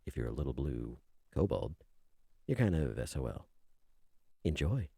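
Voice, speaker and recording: A man streaming video games, chatting casually and mocking himself while he mutters at his software. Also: rumbling low, big pitch swings, moderate pace, vocal fry, breathy edge, no room sound. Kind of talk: casual game stream chat.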